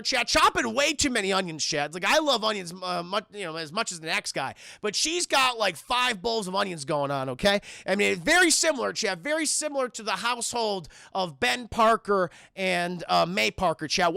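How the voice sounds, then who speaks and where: A man's voice: sits high, animated, moderate pace, vocal fry, hardly any pauses, bright, forceful tone, no room sound, studio quality. A young man streaming a film review in casual chat, rambling and profane, and often talking to his chat.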